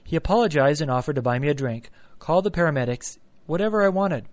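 A man's voice: a little high, expressive, fast talker, hardly any pauses. A man narrating a comic first-person story in a wry, dry manner.

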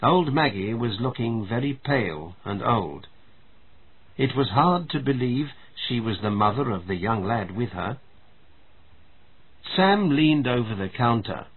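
Slow husky man reading a story. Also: mid-range voice, expressive. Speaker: story reader. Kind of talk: storybook narration. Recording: tinny phone-like audio.

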